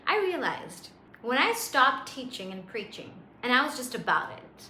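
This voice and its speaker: A woman giving a motivational faith talk as a spiritual coach, casual and slangy, telling an animated story. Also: on the high side, normal speed. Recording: roomy echo, faint hiss.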